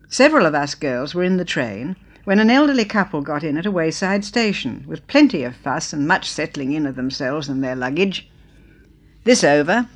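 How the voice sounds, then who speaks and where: A woman reading a memoir aloud in a measured, expressive storytelling manner. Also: low-pitched. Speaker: narrator.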